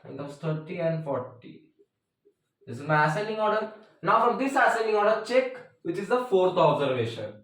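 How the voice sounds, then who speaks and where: A man's voice: high-pitched, very animated, moderate pace, a bit bright. A man teaching a math lesson in a chatty way, joking aside and using "means" as a filler. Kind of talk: casual math tutorial. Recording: very echoey room, mic at a distance.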